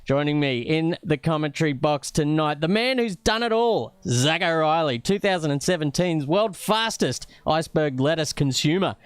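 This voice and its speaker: A man's voice: a little high, normal speed, hardly any pauses, smooth, no room sound. A man with an Australian accent hosting live sim racing commentary, cheeky and full of roasting jokes.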